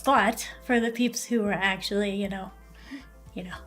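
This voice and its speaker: A woman's voice: medium pitch, steady tone, moderate pace, fairly bright tone, soft background music. Bubbly woman streamer chatting while gaming. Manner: chatty and bubbly, laughs often, many fillers. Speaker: game streamer. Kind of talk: casual live-stream chat while gaming.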